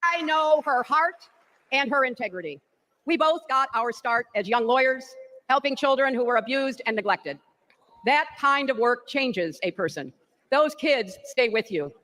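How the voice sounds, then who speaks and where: Older woman, convention speech, rousing rhythmic delivery, bright high voice. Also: lively intonation, normal speed. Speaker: political speaker. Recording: speech played from a broadcast.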